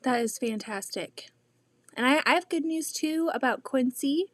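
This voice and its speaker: A woman hosts a casual quilting live stream from her home sewing room. She talks slowly in a fairly high voice and chats with viewers, often using "like" as a filler. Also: animated. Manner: chatty, with frequent "like" fillers.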